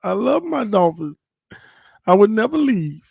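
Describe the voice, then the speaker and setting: A man's voice: high-pitched, very animated, measured pace, creaky, a little mellow, breathy edge, no echo, studio quality. A man hosting a fan channel livestream in casual chat, a little tipsy, playful and rambling, laughing often.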